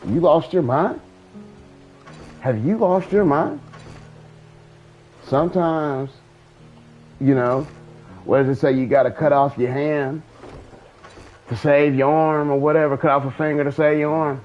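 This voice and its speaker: A man's voice: a little high, fairly even intonation, unhurried, long pauses, faint music behind. A man hosting his gaming channel, talking casually in a drawling, slangy way about faith and a breakup, like giving testimony. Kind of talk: casual monologue. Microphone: streaming mic. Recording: dull lo-fi mic.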